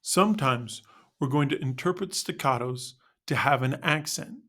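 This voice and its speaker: A male music teacher narrating a scripted lesson on articulations in a clear, instructional way. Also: medium pitch, moderate pace, sharp tone.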